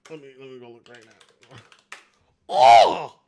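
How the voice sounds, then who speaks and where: A man's voice: mid-range voice, fast talker, a little hiss or hum. A man hosting a live game stream, chatting casually with viewers in a rambling way, swearing and laughing easily. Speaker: livestream host.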